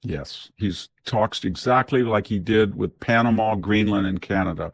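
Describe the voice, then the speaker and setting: A man's voice: on the low side, a little slow, hardly any pauses, slightly rough, no room sound. Older man giving political commentary. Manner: speaks in long runs, acting out imagined dialogue. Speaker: guest commentator.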